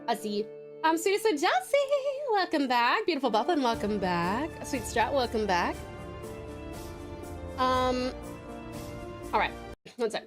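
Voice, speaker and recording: A high, bouncy woman streaming live, her pitch swinging all over as she giggles and chats with viewers. She moves between playful, casual banter and reading stories aloud. Soft piano music plays clearly behind her. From Tasmania, Australia.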